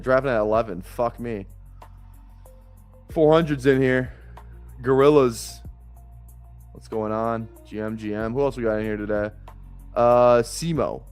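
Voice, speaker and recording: Rambling and relaxed, this man chats through a live stream of fantasy football drafts in a voice on the low side. He curses openly and laughs often.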